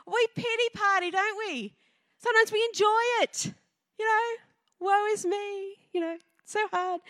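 A woman delivers a sermon in a high, light voice, lively and conversational as she puts questions to her congregation. The sound is close and dry, with little room around it. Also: dry recording. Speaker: preacher. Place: church before a congregation.

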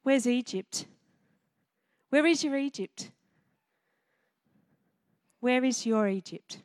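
A woman delivers a sermon in a high, light voice, lively and conversational as she puts questions to her congregation. The sound is close and dry, with little room around it. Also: takes it slowly, no room sound. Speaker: preacher. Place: church before a congregation.

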